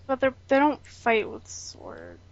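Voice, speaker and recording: A woman's voice: high voice, huge pitch swings, takes it slowly, muffled recording. A woman co-hosting a podcast in casual chat, rambling with lots of fillers and the odd swear over a call. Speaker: podcast co-host.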